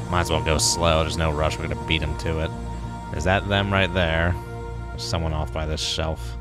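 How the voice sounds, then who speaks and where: Deep-voiced joking game streamer. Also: male voice, moderate pace. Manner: joking, excitable, talks to chat. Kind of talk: casual gameplay commentary. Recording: voice over game music.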